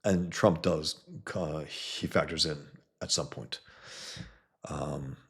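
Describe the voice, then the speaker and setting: A man's voice: extremely low pitch, steady tone, slow pace, creaky, fairly bright tone, slightly rough. A man, a comic book creator, talking casually through his own work in a review vlog, blunt and emphatic, often repeating words as he goes. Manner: blunt, emphatic, swears freely.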